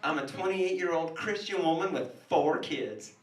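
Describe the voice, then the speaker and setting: A woman's voice: sits low, expressive, moderate pace. A man voicing a brash, crude rural woman reading her dating profile, in an echoey club recording from a distance.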